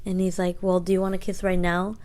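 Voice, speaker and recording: A woman's voice: on the low side, monotone, fast talker, darkish tone. A woman in her twenties telling a story in casual, slangy talk, re-enacting dialogue as she goes. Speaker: podcast co-host.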